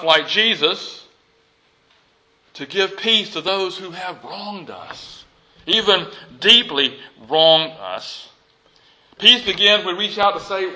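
A male pastor delivers a sermon in a high, forceful voice. He reads scripture aloud and preaches with animated energy. He jokes easily with his congregation. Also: rough recording.

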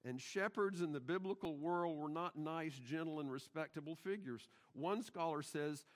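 A middle-aged man preaching in a church, his voice sitting a little high for a man. He delivers the sermon emphatically and keeps turning to the congregation with rhetorical questions. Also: moderate pace. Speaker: pastor. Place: church sanctuary.

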